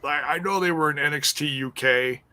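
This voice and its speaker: Male podcast host with a bright, forceful voice; loose, chatty, laughs through his asides. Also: on the high side, normal speed, clean tone, no room sound. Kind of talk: casual wrestling review chat.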